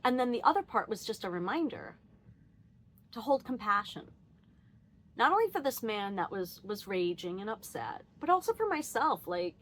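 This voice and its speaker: A woman's voice: medium pitch, normal speed. A woman sharing a personal story in a casual, reflective vlog, laughing often and acting out what she said and thought. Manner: candid and animated, laughs often, quotes herself; frequent fillers and restarts, thinking aloud.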